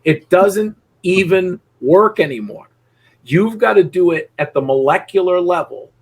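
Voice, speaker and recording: Animated, measured, and slightly breathy, this middle-aged man's voice sits high. As a dog trainer leading a live coaching session, he's blunt and profane with his student and gives his dogs and people their own voices.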